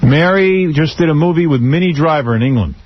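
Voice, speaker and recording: A man's voice: fairly high pitch, animated, brisk. A man, hosting a radio show and trading wisecracks in casual banter. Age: 40s. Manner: wisecracking, teasing. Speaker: radio host. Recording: dull radio broadcast sound.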